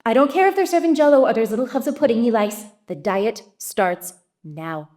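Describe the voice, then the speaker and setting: A woman's voice: a little high, expressive, fairly quick, darkish tone, close to an everyday voice. A woman doing an icy, exasperated poodle wife. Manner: tart and sarcastic.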